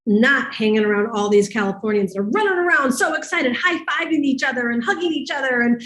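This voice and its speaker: A fairly high-voiced woman gives an animated storytelling talk to her audience. Her speech is emphatic and conversational. The room adds a roomy echo to her voice. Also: brisk. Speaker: host and life coach.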